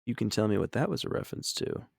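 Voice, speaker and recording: A man's voice: on the low side, sing-song, quick pace, gravelly, husky, dry recording, clean studio sound. A man painting on a live stream, chatting casually and reacting to chat in an upbeat, rambling way.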